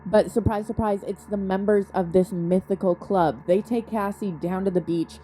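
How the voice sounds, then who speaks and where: A woman's voice: mid-range voice, fairly even intonation, normal speed, warm tone, slight background noise. A young woman recapping a TV show in a chatty, sarcastic way, full of slang and asides. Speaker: recap commentator. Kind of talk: comedic TV recap narration.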